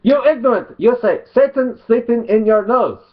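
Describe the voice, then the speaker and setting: A man's voice: fairly high pitch, a little fast, narrow, tinny audio. A man putting on a scornful commenter with a mock Arabic accent. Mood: scolding. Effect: mock Arabic accent put on.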